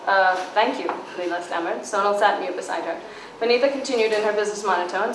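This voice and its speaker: A woman reading aloud from her own novel at a book launch, giving the dialogue some emphasis. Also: mid-range voice. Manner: reads dialogue with emphasis, casual and halting when answering. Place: bookstore event space. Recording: echoey room, far from mic, background noise.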